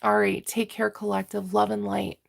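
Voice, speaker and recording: Woman with heavy vocal fry, flat delivery. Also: mid-range voice, moderate pace. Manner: intimate, earnest, speaks to her audience as a collective. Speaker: tarot reader. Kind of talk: tarot reading livestream.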